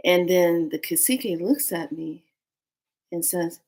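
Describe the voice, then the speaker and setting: A woman with a fairly low-pitched voice tells a personal story, full of animation. She acts out the other people in it and lowers to a hushed whisper when the tension builds. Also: measured pace. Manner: drops to a hushed whisper for tense moments.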